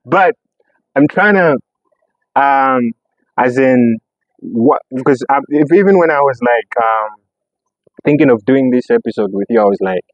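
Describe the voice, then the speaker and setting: A man's voice: mid-range voice, expressive, unhurried, long pauses, no room sound. Chatty male podcast host, muffled dry recording. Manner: chatty, frequent listening sounds and restarts. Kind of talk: casual podcast chat.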